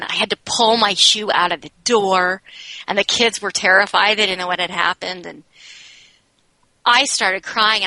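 A woman's voice: medium pitch, pushed and bright, no echo, rough recording. A woman speaking as an interview guest, telling a personal story in a candid, reflective way and often saying "you know.".

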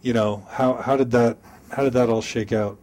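A man's voice: mid-range voice, steady tone, moderate pace, darkish tone. A male interviewer asking casual questions, hesitating and rephrasing them several times.

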